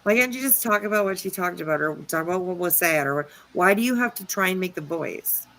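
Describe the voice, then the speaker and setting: A woman's voice: on the low side, animated, fast talker, a bit bright, low-quality recording. A woman reacts to online drama with a sarcastic, scolding tone, swearing freely. She talks casually and directly to the people in the clips. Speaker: commentary channel host. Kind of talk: reaction commentary.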